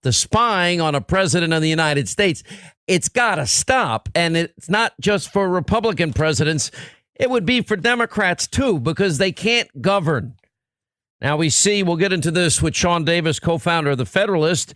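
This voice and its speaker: A man's voice: fairly high pitch, expressive, normal speed, fairly bright tone, dry recording. A man hosting a talk radio show, speaking in an emphatic, combative monologue into a studio microphone.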